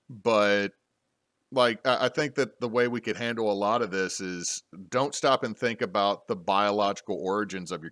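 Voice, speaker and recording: A man's voice: lowish voice, a bit bright, no echo, studio quality. A man hosting a casual panel discussion about tabletop gaming, talking loosely with many restarts. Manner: rambling, frequent restarts and fillers. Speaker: podcast host and game master.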